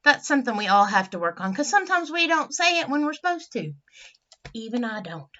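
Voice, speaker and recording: A woman teacher reading a picture book aloud to children, animated and chatty, with friendly asides. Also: a little high, a little fast. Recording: dull lo-fi recording.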